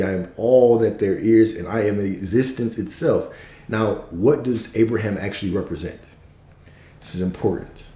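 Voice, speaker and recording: Low-voiced man teaching in an echoey room. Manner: keeps checking in with "right?" and "okay?"; relaxed, with casual swearing. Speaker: spiritual teacher and coach. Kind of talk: casual spiritual teaching monologue.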